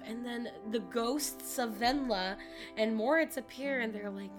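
A woman's voice: on the high side, measured pace, over music. A woman co-hosting a podcast, casually retelling a musical's plot and acting out the characters' lines, with some swearing. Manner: animated, profane, acts out characters' lines. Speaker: podcast co-host.

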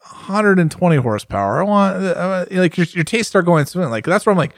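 Animated man in casual bike chat. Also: high voice, no room sound, clean studio sound. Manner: animated, acts out riders' thoughts in quick bursts. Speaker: podcast co-host.

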